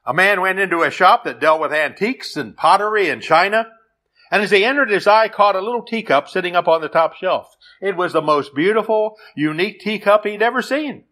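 Bright-voiced man preaching a sermon. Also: high-pitched, expressive. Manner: earnest, measured preaching. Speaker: pastor.

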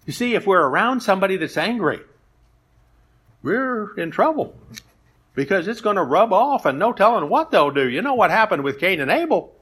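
A man's voice: sits high, very animated, normal speed, fairly bright tone, breathy edge. A man preaching a sermon, retelling stories and scripture in a plain, conversational way. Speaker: pastor.

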